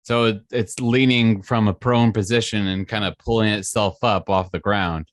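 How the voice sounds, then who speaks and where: A man running a tabletop game as game master, with a quick, easygoing manner. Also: lowish voice, fairly even intonation, no room sound.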